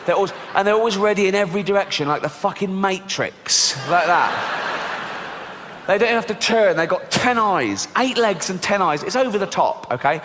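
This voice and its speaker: Guy doing deadpan standup, kinda high voice, big echoey hall with faint hiss. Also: moderate pace. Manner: deadpan, swearing, mimics squeaky child voices. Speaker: stand-up comedian. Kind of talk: stand-up comedy routine. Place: large theatre stage. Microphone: stage microphone. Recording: live show recording with long hall reverb and faint background noise. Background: live audience laughter.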